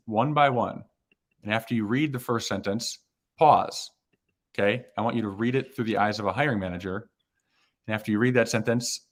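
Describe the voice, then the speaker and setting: A man's voice: lowish voice, fairly bright tone. A man who is a hiring manager giving live-streamed career advice in a casual way, with lots of fillers and repeated words.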